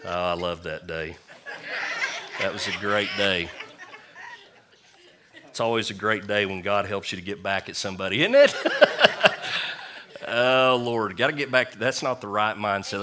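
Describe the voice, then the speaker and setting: A male preacher with a low-pitched but bright, forceful voice. He delivers his sermon in a folksy, joking storytelling way, mixing scripture with personal anecdotes. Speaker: pastor.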